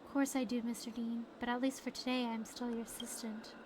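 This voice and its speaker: A woman voicing a reserved young female assistant, reading her lines in a hushed, restrained way. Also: on the high side, level tone, brisk, noisy background, lightly acted.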